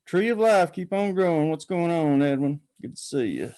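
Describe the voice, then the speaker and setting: A man hosts a call-in podcast as a casual live-stream chat, speaking in a folksy, rambling way and greeting viewers by name. His voice is on the high side, animated and a little mellow, at normal speed.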